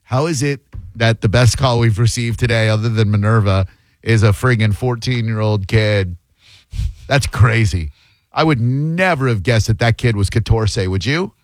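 A man's voice: medium pitch, moderate pace, no room sound, clean studio sound. A man from Florida hosting a call-in radio show, bantering playfully and tossing in Spanish words. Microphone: studio microphone.

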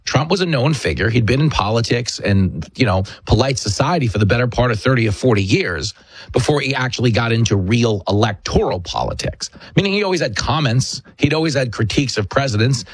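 A male talk show host delivering a forceful, emphatic monologue. His voice is husky at a medium pitch. The recording is dry and close with no room sound. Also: no echo. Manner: combative, emphatic storyteller. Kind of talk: political commentary monologue.

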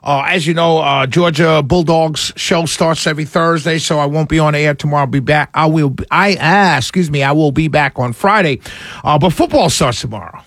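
A male radio host, delivering a sarcastic, animated talk radio monologue. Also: on the high side, brisk, hardly any pauses, dry recording, studio quality.

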